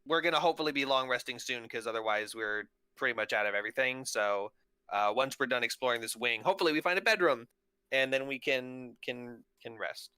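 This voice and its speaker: A man's voice: medium pitch, a little fast, pushed and bright, smooth, dry recording. A man playing a tabletop game who plans tactics and points out rules to the others. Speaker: player. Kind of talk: casual chat during a tabletop game.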